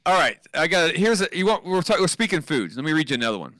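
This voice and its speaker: A man co-hosting a casual live show, excitable and profane, laughing often as he reads out odd news stories. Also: a little high, fast, dry recording, studio quality. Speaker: co-host.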